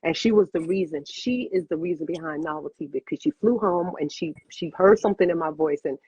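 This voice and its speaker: A woman in her fifties tells her story with feeling, leaning on repeated phrases. Her voice is husky and dry, and the recording sounds a little dull. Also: low-pitched, fairly quick, no echo. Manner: expressive, repeats phrases for emphasis. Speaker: cigar bar owner and guest. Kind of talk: emotional personal storytelling.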